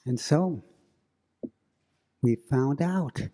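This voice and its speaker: A man telling a spooky story live, slow and dramatic with suspenseful pauses. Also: mid-range voice, expressive, dark tone.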